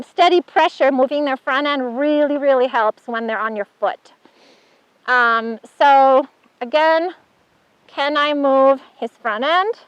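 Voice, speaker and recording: Speaking in a high-pitched, fairly bright tone, this woman instructor talks casually through a practical horse handling demo and keeps praising the horse. There's no echo, and the sound is dull and dry.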